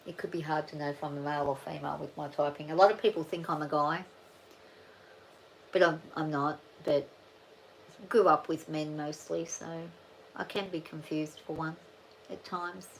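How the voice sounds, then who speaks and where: A woman's voice: low voice, steady tone, normal speed, gravelly, pauses often, a little hiss or hum, poor audio. A middle-aged woman with an Australian accent, chatting casually and rambling with her viewers on a livestream. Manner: rambling, chatty, thinks aloud with many restarts. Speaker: farm channel vlogger. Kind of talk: casual live chat with viewers.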